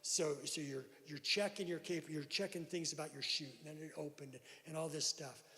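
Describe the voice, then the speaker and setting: A man's voice: a little high, steady tone, normal speed, bright, forceful tone. A man telling a personal story at a recovery meeting in a church hall, acting out the voices of the people in it. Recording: long hall reverb.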